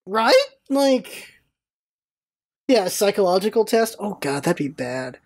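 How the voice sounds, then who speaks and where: A woman hosting a casual vlog, telling stories in an animated, rambling way with exclamations and some swearing. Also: mid-range voice, slow. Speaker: vlog host.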